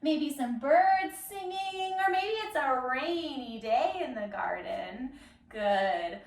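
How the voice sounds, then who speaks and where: A woman's voice: sits high, lively intonation, takes it slowly, vocal fry. A woman leading a children's yoga class with a story, playful and sing-song, doing animal sounds. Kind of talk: guided kids' yoga with storytelling. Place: library room. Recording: roomy echo, voice from far off.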